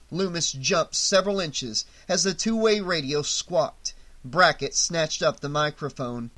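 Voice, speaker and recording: A man narrating a horror novel as an audiobook in a steady, measured, dramatic way. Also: fairly high pitch.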